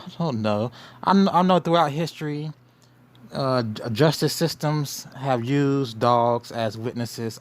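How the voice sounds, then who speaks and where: A man hosting a show, giving casual commentary in a rambling, musing way and repeating himself. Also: medium pitch. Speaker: show host.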